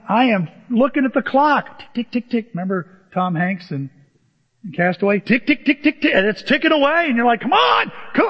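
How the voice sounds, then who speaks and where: High-voiced pastor in a reverberant church. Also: male voice. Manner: conversational, humorous, rises to emphatic peaks. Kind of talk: sermon. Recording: dull sound with long church reverb.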